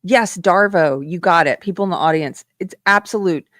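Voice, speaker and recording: A woman from South Carolina hosting a live political commentary show, talking in a sarcastic, emphatic way and quick to scoff. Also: lowish voice, fairly bright tone, no room sound, studio quality. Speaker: show host.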